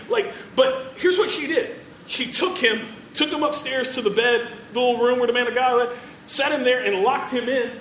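A man's voice: very high voice, a bit bright, reverberant, recorded from a distance, a little hiss or hum, low-quality recording. A man preaching a sermon in a chatty, joking storytelling way, full of fillers.

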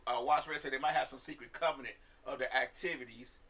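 A man's voice: mid-range voice, fairly even intonation, fast, bright, forceful tone. A man co-hosting a podcast, gossiping and laughing often. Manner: gossipy, laughs often, reads comments aloud. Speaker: podcast co-host. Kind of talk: casual chat.

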